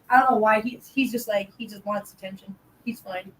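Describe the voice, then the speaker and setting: A woman's voice: on the high side, brisk, hardly any pauses, a little hiss or hum. A woman hosting a casual live stream, chatting and cooing baby talk at her cats with frequent laughs. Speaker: host.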